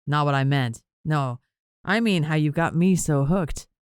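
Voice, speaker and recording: A teasing young romantic lead with a low, soft voice, as a woman reads him. He speaks close and tender in a dry, deep storybook tone. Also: unhurried, clear, resonant tone, no room sound. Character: young man, teasing, tender love interest.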